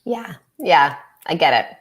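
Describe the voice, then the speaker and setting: A woman's voice: low-pitched, lively intonation, takes it slowly. Bubbly Canadian woman, chatty guest. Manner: bubbly, laughs often, chatty. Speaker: business coach and author, podcast guest. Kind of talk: casual interview chat.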